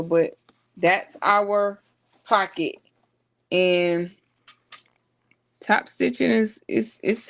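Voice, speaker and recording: A woman takes her time, talking at an unhurried pace. She chats casually to her viewers while she sews. Her tone is loose and conversational, and she stops now and then to check on her project. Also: medium pitch. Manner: chatty, talks to viewers while working. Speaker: sewing vlogger. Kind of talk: casual sewing tutorial.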